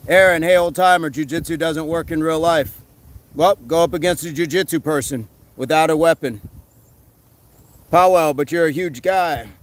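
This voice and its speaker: A man hosting a casual live stream, reading comments aloud and giving quick fitness tips in a relaxed way. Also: on the high side, rough recording. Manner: relaxed, answers chat questions with quick tips.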